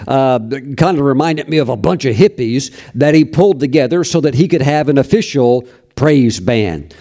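Telling stories from his ministry during a sermon, a man speaks in a homespun, anecdotal style, frequently starting over mid-thought. He has a dark, mid-range voice, expressive and delivered at a normal speed.

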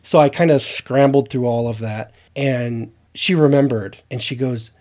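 A man's voice: mid-range voice, measured pace, a little mellow. A man co-hosting a podcast in casual chat, telling earnest, heartfelt stories and acting out what other people said to him. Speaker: podcast co-host.

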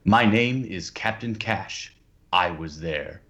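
Hosting a laid-back podcast, this man gets playful and theatrical with his introductions. He speaks slowly in a low, fairly bright voice over dull, lo-fi audio.

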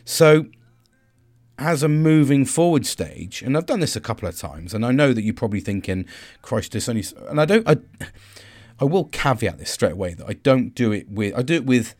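A man hosting a reflective personal monologue, talking in an earnest, halting way with frequent restarts. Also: medium pitch, animated, a little mellow.

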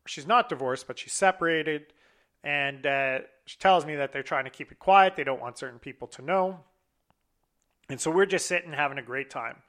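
Man, casual storyteller, bright clear tone, lively anecdote with cussing. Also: on the high side. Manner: animated anecdote with frequent profanity and quoted dialogue.

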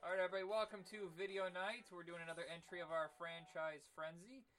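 A man hosts a casual movie chat in a slightly raised voice, loose and talkative. He laughs easily and slips into goofy quotes. The voice sits a bit higher than most men's. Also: flat delivery, fast, music in the background. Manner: chatty, laughs often, acts out silly quotes. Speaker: podcast host.

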